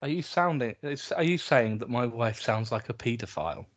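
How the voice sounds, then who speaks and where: A man's voice: medium pitch, expressive, moderate pace. A man co-hosting a casual podcast, wry and mock-indignant. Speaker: podcast co-host. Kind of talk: casual chat.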